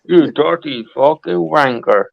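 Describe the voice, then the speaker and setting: A man's voice: a little high, unhurried, creaky, dull audio. An Irish man calling into a live stream panel, crude, taunting and boastful. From Ireland. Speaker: panel caller.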